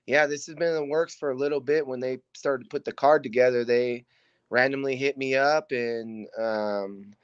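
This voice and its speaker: Laid back guy calling in, smooth voice, kinda muffled remote sound. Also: mid-range voice, moderate pace, dry recording. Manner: relaxed, easygoing with small laughs. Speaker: guest fighter. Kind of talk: interview answers.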